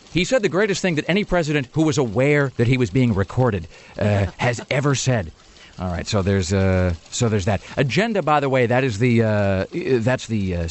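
A man hosting a talk radio show, telling rambling, sardonic stories in casual banter. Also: fairly low pitch. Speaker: radio host.

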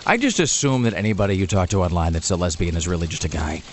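Quick-talking low-voiced male radio host. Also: animated, a little hiss or hum. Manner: rambling, wry, full of fillers. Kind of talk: casual talk radio banter and live sponsor read.

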